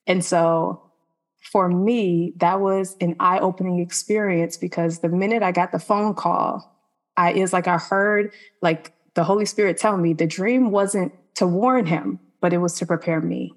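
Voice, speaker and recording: A woman's voice: on the low side, fairly even intonation, a little slow. A woman telling a personal faith testimony as a podcast guest, earnest and conversational, with many "like" fillers.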